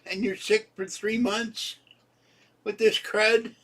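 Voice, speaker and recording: A man in his seventies, sick and hoarse, rambling casually to his viewers about his day and laughing at his own jokes. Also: high voice, level tone, slow, fairly bright tone, recorded from a distance. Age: 70s. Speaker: vlogger. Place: home.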